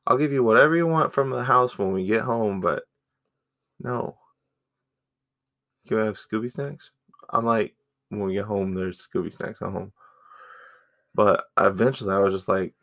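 A man, co-hosting a podcast and telling animated stories with acted-out dialogue. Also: fairly low pitch, moderate pace, long pauses. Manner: animated storytelling, acts out dialogue. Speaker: podcast co-host. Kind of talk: casual chat.

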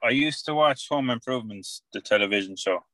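A man's voice: medium pitch, a little fast, bright, forceful tone, no room sound, rough recording. An Irish man chatting as a podcast guest, self-mocking and chatty, often restarting his sentences. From Ireland. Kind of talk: casual chat.

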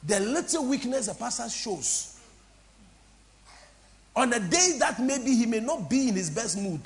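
A woman pastor from Ghana, preaching a sermon to a congregation in an impassioned, repetitive, sing-song way that swings between soft and loud. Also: on the high side, expressive, a little slow, pauses often. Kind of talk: preaching a sermon with call-and-response. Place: church before a congregation.

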